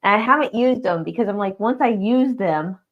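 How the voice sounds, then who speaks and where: Woman, livestream co-host, dry teasing chat, unhurried, slightly dull muffled sound. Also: medium pitch, animated. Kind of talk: casual chat with viewers.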